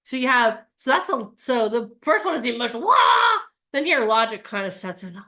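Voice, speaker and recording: A woman's voice: on the high side, animated, quick pace, bright, forceful tone. A woman coaching an online bootcamp, talking in an upbeat, chatty way and acting out the voices of people's inner thoughts. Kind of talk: live online workshop talk.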